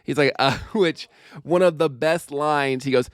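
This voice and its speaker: A man hosting a podcast in casual, joking chat, animated and quick with asides, laughing often. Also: on the high side, smooth, no echo, studio quality. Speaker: podcast host.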